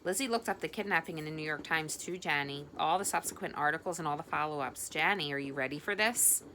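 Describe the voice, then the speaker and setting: A woman reading the lines of a soft-spoken, reassuring teenage boy. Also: low-pitched, quick pace, slight background noise. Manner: soft, coaxing.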